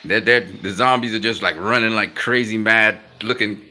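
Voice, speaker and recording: A man's voice: lowish voice, steady tone, normal speed, pushed and bright. A man hosting a casual live-stream chat, talking in laid-back slang, laughing often and trailing off mid-sentence. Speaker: YouTube channel host.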